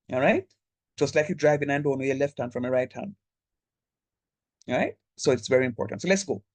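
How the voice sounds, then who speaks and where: Jamaican male lecturer on a video call, chatty and direct, mid pitch, dry sound. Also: a little mellow, breathy edge, no room sound. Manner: direct, chatty, code-switches into local speech. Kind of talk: online math lecture.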